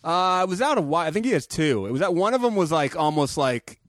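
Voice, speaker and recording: A man's voice: a little high, very animated, fast talker, a bit bright, no echo. Rambling male comedian in casual chat. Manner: rambling, restarting storyteller. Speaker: comedian guest.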